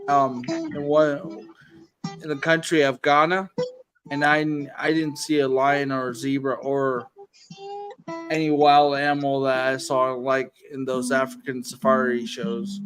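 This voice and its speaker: A man's voice: medium pitch, flat delivery, unhurried, fairly bright tone, soft background music. A man in casual chat, talking hesitantly with many fillers.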